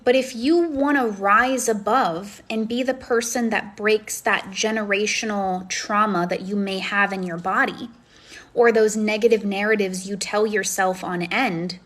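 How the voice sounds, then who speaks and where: A woman's voice: mid-range voice, fairly even intonation, measured pace, a bit bright. A woman coaching and chatting on a phone live stream, effusive and encouraging as she answers comments. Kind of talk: casual live-stream chat, reading comments.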